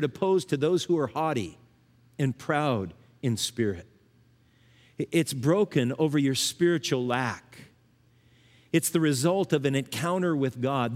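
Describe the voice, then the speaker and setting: An older man preaching a sermon in a church, earnest, rising to emphatic lines and dropping to hushed, low ones. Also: big-room sound. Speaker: pastor.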